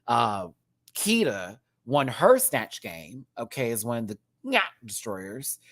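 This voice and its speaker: A man reviews a show in a sassy, rant-style way. He laughs often, swings his voice up and down, and slips into mock voices. He sits at a mid-range pitch for a man. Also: sing-song, slow pace, a bit bright.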